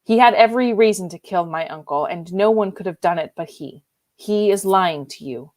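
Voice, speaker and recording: A woman reading the lines of a grieving young woman who speaks quietly and firmly. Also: medium pitch, normal speed, no room sound, close to an everyday voice. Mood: accusing.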